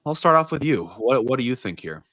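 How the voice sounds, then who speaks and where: A man with an American Midwest accent, co-hosting a sports podcast in an animated, emphatic way. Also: medium pitch, a little fast, no room sound. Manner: animated, emphatic, laughs easily. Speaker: podcast co-host. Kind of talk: casual sports podcast chat with ad reads.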